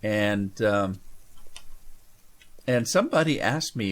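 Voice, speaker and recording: A man's voice: lowish voice, animated, measured pace, long pauses. A man from Washington State with a slight Minnesota-tinged Northwest accent, rambling folksy commentary while playing a farming game. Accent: Pacific Northwest US with Minnesota traces. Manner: rambling, folksy, trails off quietly. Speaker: gaming channel host. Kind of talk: casual let's-play commentary.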